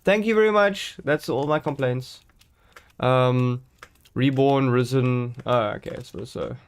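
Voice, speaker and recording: A man's voice: mid-range voice, a little slow, smooth. A man chatting live to his viewers while playing a game, rambling and joking as he goes, greeting people in chat. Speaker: streamer.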